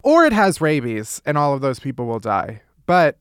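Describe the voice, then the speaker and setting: A man's voice: mid-range voice, wildly swooping pitch, moderate pace, clear, resonant tone, dry recording, studio quality. A man hosting a casual comedy news roundup, sarcastic and profane, laughing often. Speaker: comedy podcast host.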